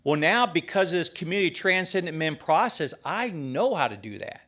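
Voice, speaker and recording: A middle-aged priest giving a talk at a men's prayer breakfast, in a folksy, emphatic conversational sermon. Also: male voice, fairly high pitch, lively intonation, normal speed, fairly bright tone. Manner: folksy and emphatic, with restarts and asides.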